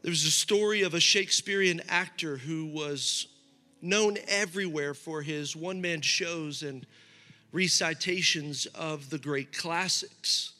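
A man's voice: on the high side, a little slow, sharp tone. A middle-aged man preaching a sermon as a pastor, talking in a loose, conversational way with frequent restarts. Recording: hall reverb with faint music.

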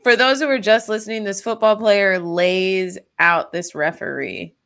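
A young woman co-hosting a casual podcast, talking in quick animated bursts full of "like". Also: medium pitch, creaky. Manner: animated, quick, frequent "like" fillers. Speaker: podcast co-host. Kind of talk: casual chat.

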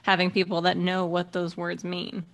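Woman in casual chat, candid and reflective, lower register. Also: monotone, normal speed, fairly bright tone. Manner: open, reflective, candid about feelings.

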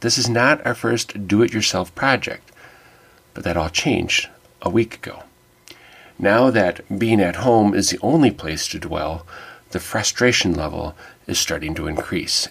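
A man's voice: lowish voice, breathy edge. A middle-aged man giving an earnest, wry personal reflection that turns to faith. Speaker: devotional speaker.

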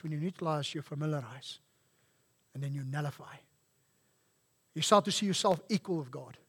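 A middle-aged man with a South African accent, preaching a sermon as pastor with emphatic swells and sudden drops in loudness. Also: high-pitched. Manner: emphatic preaching, rising and falling sharply in loudness.

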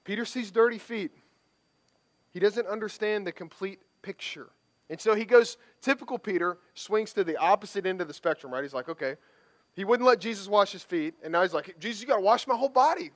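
With a high-pitched voice and a slightly quick pace, a preacher gives a relaxed, chatty sermon. He keeps checking in with the congregation through tag questions and frequently starts his phrases over.

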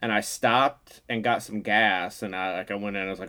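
A man's voice: lowish voice, steady tone, moderate pace, bright, forceful tone. A man from East Tennessee co-hosting a podcast, telling a story in a rambling way with plenty of fillers and a self-amused tone. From East Tennessee, USA. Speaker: podcast co-host. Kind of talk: casual storytelling chat.

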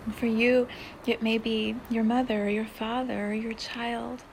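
A woman hosting a spiritual podcast, talking in a soft, dreamy way that often sinks into a breathy whisper. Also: on the high side, level tone, measured pace, slight background noise. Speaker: podcast host.

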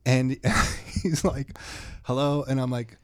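A Canadian man hosts a relaxed interview show. He tells stories animatedly and laughs easily along the way. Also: mid-range voice, slow pace. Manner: animated storyteller, laughs often. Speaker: show host. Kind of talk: casual interview chat.

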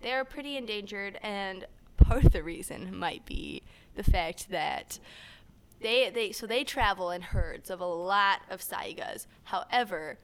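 A woman co-hosting a podcast, casually explaining facts about an animal in a relaxed, chatty way. Her voice sits at an everyday pitch, and she laughs easily along the way. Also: measured pace. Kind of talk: casual chat.

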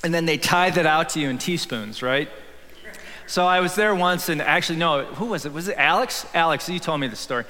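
Male pastor preaching live, chatty and jokey, with a tense, bright tone in an echoing sanctuary. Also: a little high, brisk. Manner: humorous, conversational preaching with bursts of shouting. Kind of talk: sermon. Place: church sanctuary. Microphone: handheld or headset microphone. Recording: live hall reverb.

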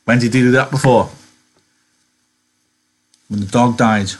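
A man's voice: medium pitch, steady tone, a little slow, breathy edge. A male teacher giving an online literature lesson, reading aloud and musing conversationally with rhetorical questions.

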